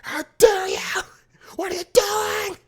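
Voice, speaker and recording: A shrill, scolding event worker. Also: male voice, steady tone, slow, shouting. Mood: indignant. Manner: shrieking, indignant scolding.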